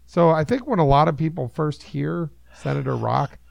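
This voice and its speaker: A man's voice: fairly high pitch, normal speed, gravelly, dry recording. A man co-hosting a podcast in a casual comedic chat, joking, swearing and riffing on bits. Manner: joking, profane, riffs on bits. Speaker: podcast co-host.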